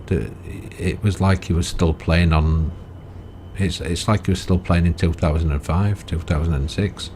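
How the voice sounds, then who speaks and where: A man's voice: deep voice, fairly even intonation, moderate pace, a little mellow, a little hiss or hum. A man giving rambling, chatty gameplay commentary, often ending remarks with tag questions. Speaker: gaming video creator.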